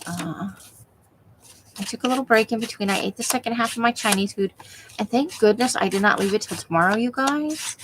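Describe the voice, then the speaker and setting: A woman's voice: medium pitch, background noise. A woman hosting a crafting livestream, chatting casually with viewers while she works and laughing often. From Nevada.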